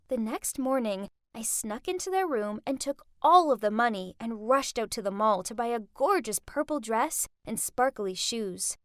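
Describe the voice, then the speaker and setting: A woman narrating a first-person animated story in an expressive, dramatic teen voice. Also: high-pitched, no room sound, studio quality.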